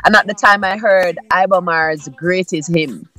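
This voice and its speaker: Calm woman, radio guest. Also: on the low side, measured pace, no room sound. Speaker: guest musician. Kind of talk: radio interview.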